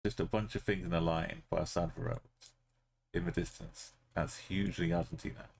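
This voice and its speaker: A man's voice: sits low, very animated, a little fast, gravelly, a little mellow, a little hiss or hum. A male streamer giving live commentary on a game, thinking aloud and musing with trailing fillers as he goes.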